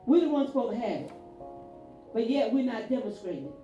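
A woman pastor preaching a fervent sermon, repeating herself and building to shouts. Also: on the high side, sing-song, brisk, muffled recording. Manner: fervent, rising to shouts, repetitive call-outs. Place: church. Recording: echoey room from far off, music behind.

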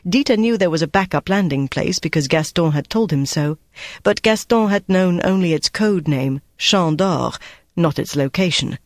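An audiobook narrator reading a wartime thriller in measured, even scripted narration. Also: mid-range voice, dry recording.

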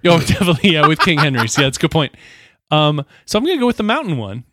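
A man playing through a gamebook, thinking aloud with wry, deadpan jokes. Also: fairly high pitch, quick pace, no echo, clean studio sound. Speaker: player in a gamebook session. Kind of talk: casual chat.

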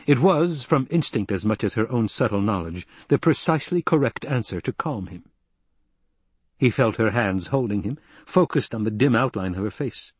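A man narrating an audiobook in a measured, dramatic storytelling manner with a husky voice. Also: medium pitch, lively intonation, no echo.

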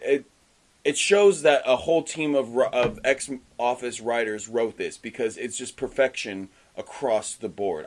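A man in casual podcast chat, excitable and animated, tripping over his words and restarting sentences as he talks fast. His pitch sits in an ordinary middle range. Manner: enthusiastic, animated, stumbles and restarts often. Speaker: podcast co-host. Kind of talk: casual comic book discussion.

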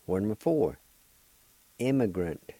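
A man's voice: on the low side, big pitch swings, unhurried, mellow, no room sound, poor audio. A man hosting a radio language lesson, spelling out words letter by letter and repeating each syllable patiently. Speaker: language teacher and radio host.

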